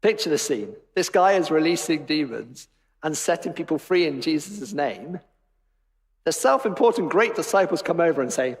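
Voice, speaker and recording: A man's voice: fairly high pitch, expressive, normal speed. A man preaching a sermon in a church, emphatic and wry in tone. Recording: long reverb of a church hall.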